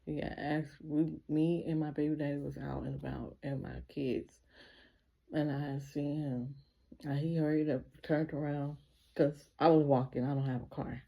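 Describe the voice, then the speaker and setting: A woman's voice: deep voice, flat delivery, normal speed, gravelly, dull audio. A woman telling a personal story in a casual vlog, speaking emotionally and filling her sentences with repeated 'like'. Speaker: vlogger.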